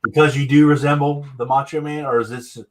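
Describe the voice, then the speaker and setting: A man's voice: medium pitch, fairly even intonation, brisk, background noise. A man hosting a casual interview, chiming in with short agreements and curious questions. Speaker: host.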